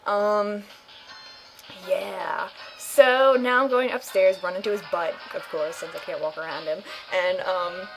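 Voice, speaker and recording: A woman's voice: mid-range voice, measured pace, creaky, soft background music, poor audio. A young woman casually commenting on her own game playthrough, rambling and joking as she goes. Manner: rambling, jokey, puts on silly voices. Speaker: gamer doing a let's play.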